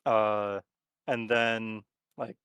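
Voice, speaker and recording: A man narrating as game master of a tabletop horror game, talking in a relaxed, rambling way with lots of fillers. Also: on the low side, extremely slow, gravelly, clear, resonant tone, no echo.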